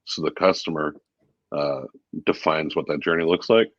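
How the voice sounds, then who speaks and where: Very deep-voiced man, chatty and relaxed. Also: normal speed, no echo, lo-fi sound. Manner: relaxed, chatty, many fillers. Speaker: guest, VP of sales. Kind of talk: casual interview talk.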